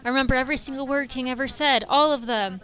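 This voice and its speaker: A woman's voice: high-pitched, quick pace, fairly bright tone, soft background music. A woman voicing a heartbroken, devoted video-game companion in an earnest, wistful way. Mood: distraught.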